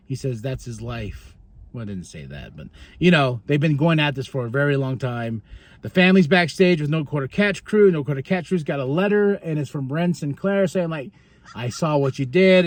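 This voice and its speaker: Podcast host, male, higher-pitched, excitable casual recapper, dry close sound. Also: no echo. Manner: excitable, chatty, laughs often, acts out quotes.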